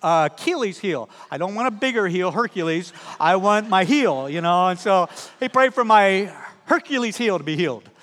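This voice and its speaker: A man's voice: high voice, moderate pace, long reverb tail. A middle-aged male pastor preaching a sermon, telling personal stories with humor and acting out the people in them. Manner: animated, humorous, acts out the people in his stories. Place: church sanctuary.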